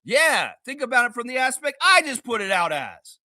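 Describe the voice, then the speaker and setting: A man's voice: very high-pitched, very animated, moderate pace, bright, forceful tone, dry recording, studio quality. A man hosting a sports fan livestream, ranting heatedly and sarcastically with a lot of swearing, then easing into laughing, loose chat. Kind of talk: profane ranting fan commentary.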